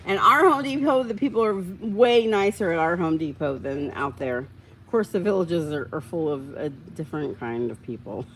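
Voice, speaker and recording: A woman's voice: on the low side, normal speed, fairly bright tone, slight background noise, rough recording. A woman hosting a casual live stream, chatting with viewers, reading out their comments and getting heated about how dogs are treated. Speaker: livestream host.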